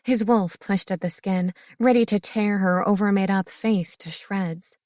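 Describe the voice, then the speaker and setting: Woman narrator reading a shifter romance, mid pitch, dry close mic. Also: a little slow, hardly any pauses, a little mellow, dry recording. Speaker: audiobook narrator. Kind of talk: scripted narration.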